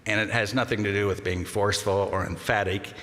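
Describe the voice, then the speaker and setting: An older man giving a memorial eulogy, telling fond anecdotes with gentle humor. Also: fairly low pitch, steady tone, fairly quick. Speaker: eulogy speaker. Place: large congregation hall. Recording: long reverb of a large hall.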